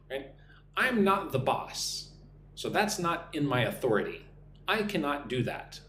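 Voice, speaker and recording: A male English teacher with a lively, slightly high voice runs a live-streamed lesson, drilling pronunciation slowly and deliberately. He's encouraging and thanks viewers by name. The room is echoey, with a faint hum.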